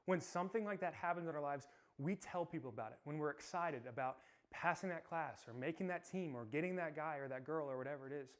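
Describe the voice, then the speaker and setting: A young man giving a youth sermon, telling a personal story in a casual, energetic way full of filler words. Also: on the high side. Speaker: youth pastor. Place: youth service room, streamed live.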